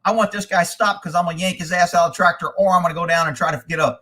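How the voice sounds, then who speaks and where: A man spins a profane story on a live show, his voice high and bright. He swears freely and acts out the people he quotes. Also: fairly even intonation, racing. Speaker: host. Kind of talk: casual live-stream storytelling.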